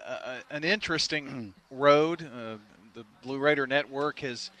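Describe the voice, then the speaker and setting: A man hosting a sports radio talk show from an outdoor restaurant patio, friendly and halting, full of uh and um fillers. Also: mid-range voice, sharp tone. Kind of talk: casual radio interview.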